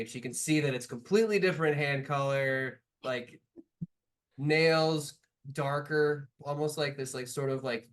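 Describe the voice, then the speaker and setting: A man's voice: mid-range voice, a bit bright. A man running a tabletop game as game master, narrating loosely with lots of fillers.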